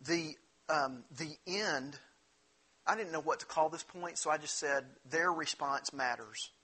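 A man delivering a sermon in an earnest, conversational manner, often circling back to restart a phrase. His voice sits a bit high, with a bright edge and a husky grain. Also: measured pace. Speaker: pastor.

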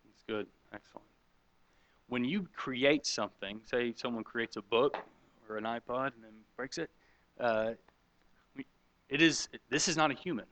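A man's voice: medium pitch, normal speed, pauses often, a bit bright, dry recording, dull audio. A middle-aged man preaching, teaching conversationally and asking the room questions and responding to their answers. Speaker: pastor teaching a class. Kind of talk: interactive sermon with audience questions.

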